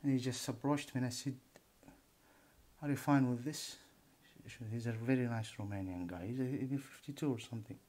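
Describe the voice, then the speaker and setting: A man's voice: mid-range voice, fast talker, few pauses, warm tone. A man filming a noise dispute in shared housing at night, repeating himself as he pleads and complains. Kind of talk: handheld argument and complaint vlog.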